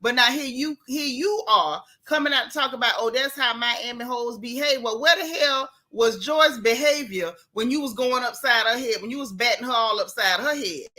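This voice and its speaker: Woman, from Central Florida, live stream gossip host, sassy and blunt, chats with viewers, fairly high voice, bright and sharp. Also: animated, normal speed, few pauses. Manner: sassy, blunt, talks straight to the chat and greets viewers by name.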